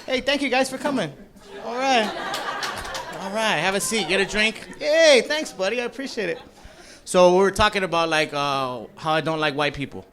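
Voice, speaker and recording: A man does a loose, profane stand-up set in a comedy club, rambling with plenty of fillers and shouting mock voices of angry people. His voice sits high and his pace is moderate, with a noisy background full of audience laughter.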